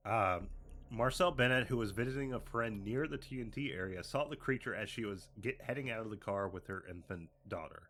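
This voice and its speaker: A man co-hosting a podcast, reading out sighting reports with frequent fillers and animated asides. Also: lowish voice, brisk. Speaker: podcast co-host. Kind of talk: casual chat and reading sightings.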